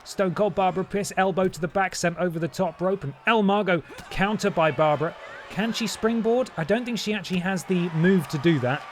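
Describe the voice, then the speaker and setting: A man's voice: high voice, a little fast, slight background noise. A man, streaming a wrestling game and doing playful mock-announcer commentary with jokey asides. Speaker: gaming streamer.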